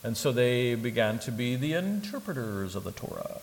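Gravelly-voiced man preaching. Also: mid-range voice, moderate pace, poor audio. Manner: animated, swings from soft asides to loud emphatic bursts; humorous asides and joking impressions. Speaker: pastor. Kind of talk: sermon.

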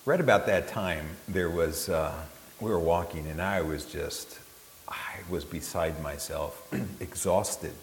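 A man telling an animated, self-mocking story about a grueling trek to an audience. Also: low voice, slow. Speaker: storyteller recalling a trip. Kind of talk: spoken anecdote to an audience. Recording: echoey hall, faint hiss.

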